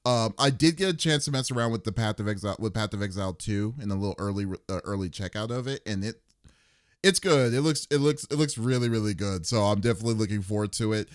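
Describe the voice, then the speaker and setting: A man's voice: on the low side, animated, fast talker, no room sound, studio quality. A man co-hosting a gaming podcast, chatting casually and teasing, with many restarts. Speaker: podcast co-host. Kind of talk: casual chat.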